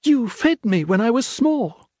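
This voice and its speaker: A man voicing a desperate young daughter who pleads in a high, strained voice. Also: sing-song, unhurried, a little mellow, dry recording, clean studio sound, full character voice. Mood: pleading.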